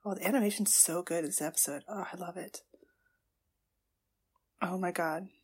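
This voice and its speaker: A woman podcast host gushing through a casual watchalong, with excitable reactions, gasps and exclamations, and tearful at times. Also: on the low side, moderate pace, breathy edge.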